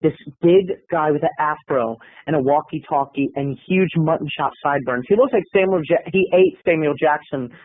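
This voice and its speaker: A man telling a comic story about himself, acting out the lines of the people in it in squeaky voices. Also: moderate pace, few pauses, no room sound. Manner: acts out quotes in squeaky high voices. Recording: tinny phone-like radio sound.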